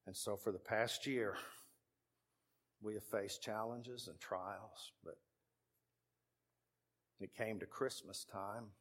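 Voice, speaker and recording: A man's voice: fairly low pitch, fairly even intonation, slow, long pauses. A middle-aged man with a Texan accent, a pastor telling a story from the pulpit as a sermon, acting out the voices of the people in it.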